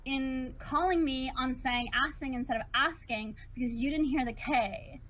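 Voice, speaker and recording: A woman's voice: high-pitched, normal speed, a bit bright, low-quality recording. A woman with a slight unusual accent in a heated online debate, lecturing indignantly and repeating her points when pressed. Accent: slight unusual accent, unnamed. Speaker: debate guest.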